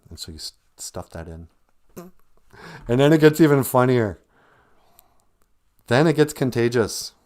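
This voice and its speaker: A man's voice: on the low side, darkish tone. A man hosting a livestream, giving humorous casual advice and laughing between lines. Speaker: livestream host and language teacher.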